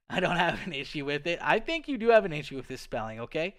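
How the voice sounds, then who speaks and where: A man's voice: on the high side, very animated, moderate pace, long pauses, a bit bright. A Canadian man with a Canadian accent, hosting a casual livestream chat in a playful manner, tacking "okay" onto his lines and laughing often. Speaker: livestream host. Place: home streaming setup.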